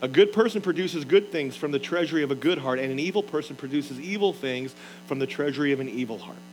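Guy preaching a sermon, earnest and emphatic, kinda high voice, faint music behind. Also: fast, poor audio. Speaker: pastor.

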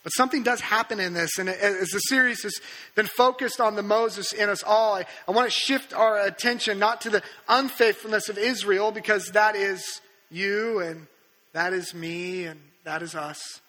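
Bright high-pitched male pastor preaching. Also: steady tone, moderate pace. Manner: conversational storytelling with colloquial asides. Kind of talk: sermon. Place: church sanctuary. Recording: echoey hall reverb.

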